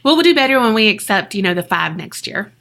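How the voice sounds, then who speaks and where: With a mid-range, sing-song voice, a bit bright and touched with vocal fry, this woman talks fast while co-hosting a podcast. The chat is casual and friendly, full of laughter and addressed straight to listeners.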